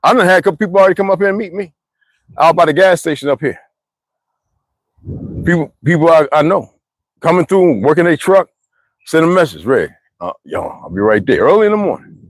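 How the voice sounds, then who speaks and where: A man telling rambling, profane stories in a casual monologue, full of asides and sudden swings from low mutters to high exclamations. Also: expressive, fairly quick, pauses often, dry recording. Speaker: channel host.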